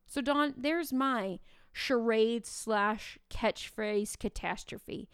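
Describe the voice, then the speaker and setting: A woman in her thirties, a teacher co-hosting a podcast, telling classroom stories with lively, acted-out dialogue. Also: on the high side, drawn-out words, clean tone, dry recording, studio quality. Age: 30s. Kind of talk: casual podcast chat.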